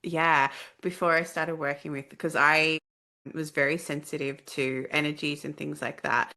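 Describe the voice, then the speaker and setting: A woman hosts a relaxed interview podcast, her voice sitting a little low. She talks in a loose, chatty way and fills her stories with "like" and "you know.". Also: normal speed. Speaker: podcast host. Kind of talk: casual interview chat.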